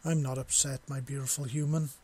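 A man voicing a tender male scaly clawed creature, speaking softly and with heartfelt devotion in a husky voice. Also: mid-range voice, flat delivery, a little fast, a little hiss or hum, close to an everyday voice. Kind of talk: audio story reading.

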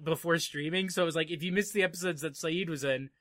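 A man's voice: a little high, fast talker, fairly bright tone, no echo, clean studio sound. A young man co-hosting a podcast, chatting casually about a TV episode and acting out scenes with a lot of laughter. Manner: laughing often, acting out quotes in put-on voices. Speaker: podcast co-host. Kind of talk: casual chat recapping a TV episode.

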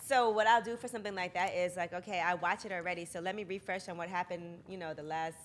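A woman chatting casually on a podcast as the guest, telling animated stories about her work with lots of "like". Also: on the low side, quick pace. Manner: chatty, animated storytelling, frequent "like". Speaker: interview guest, media host.

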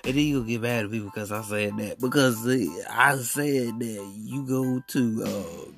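A man's voice: medium pitch, moderate pace, creaky, fairly bright tone, soft background music. A man hosting a podcast, telling a story in a casual, emphatic way, full of slang and repeated phrases. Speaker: podcast host.

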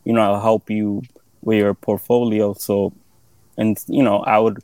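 A man who is an independent artist, a guest speaking modestly and haltingly in a casual interview. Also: on the low side, flat delivery, darkish tone, clean tone, no room sound, low-quality recording. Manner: modest, halting, many fillers.

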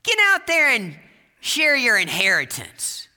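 Old country pastor, booming and kind, bright tone, put on by a preacher. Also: male voice, wildly swooping pitch, measured pace, big-room sound, exaggerated voice. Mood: warm, insistent. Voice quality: raised, ringing voice. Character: old small-town male preacher, kindly and booming.

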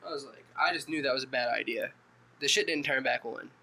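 Fast-talking bright young man. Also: mid-range voice. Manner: animated storyteller, laughs often, acts out quotes. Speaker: podcast host. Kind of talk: casual chat, storytelling.

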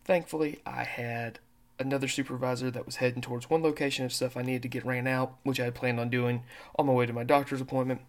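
A man's voice: medium pitch, little pitch movement, quick pace. A man hosting a podcast, telling rambling stories in a casual, profane monologue. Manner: says he has a terrible accent and mispronounces words. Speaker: podcast host.

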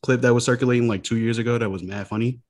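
A man's voice: medium pitch, fairly even intonation, very fast, darkish tone. A man co-hosting a podcast in laid-back, slangy casual chat, often tossing in filler questions. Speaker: podcast co-host.

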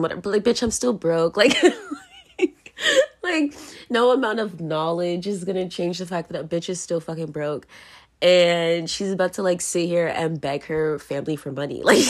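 A young woman, hosting a podcast from her bedroom in a casual, rambling way, full of fillers and self-mocking laughter. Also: fairly low pitch. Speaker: podcast host. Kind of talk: casual confessional monologue. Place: bedroom, at home.

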